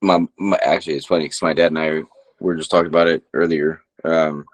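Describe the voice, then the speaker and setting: A man's voice: extremely low pitch, steady tone, fairly quick. A man co-hosting a podcast, telling a story in casual chat with rambling, profane speech. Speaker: podcast co-host.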